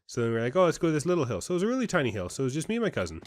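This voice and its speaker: A man's voice: fairly high pitch, huge pitch swings, rapid-fire. A young man co-hosting a casual game playthrough, chatty and rambling as he tells stories. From Canada. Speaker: gaming co-host. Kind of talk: casual gameplay chat.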